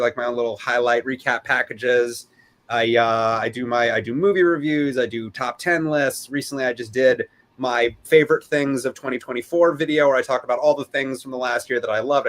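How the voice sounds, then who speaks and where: A man chats as a podcast guest. He talks fast, loose and profane, and pokes fun at himself as he goes. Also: medium pitch, a bit bright. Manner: loose, profane, self-deprecating. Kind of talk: casual chat.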